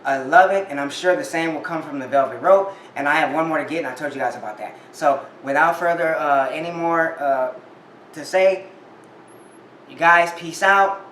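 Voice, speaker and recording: A vinyl-collecting vlogger chats casually to camera, telling a story about his records with plenty of restarts. His voice is a little high and somewhat bright, at a normal speed. The room echoes, he's a bit off-mic, and faint room noise is audible.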